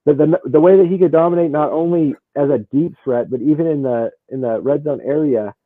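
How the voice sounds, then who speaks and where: A man co-hosting a casual sports podcast, talking fast, repeating himself and stacking stats. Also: on the high side, no room sound. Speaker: podcast co-host. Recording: dry, tinny phone-like audio.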